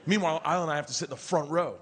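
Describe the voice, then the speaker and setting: Profane stand-up comedian in a big hall. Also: male voice, a little high, husky. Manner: loud, profane, acts out family members in quick voices. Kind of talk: stand-up storytelling. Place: large comedy venue, indoors. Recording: live venue with long reverb and audience noise. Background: crowd laughter and ambience.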